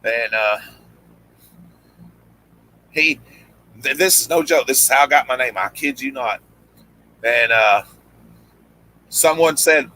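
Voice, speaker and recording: Casting: man, bright and forward voice, casual rambling storyteller who voices the people in his tales. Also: mid-range voice, slow pace, pauses often, rough recording. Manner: rambling, many restarts, acts out quoted lines. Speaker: guest storyteller, former pro wrestler.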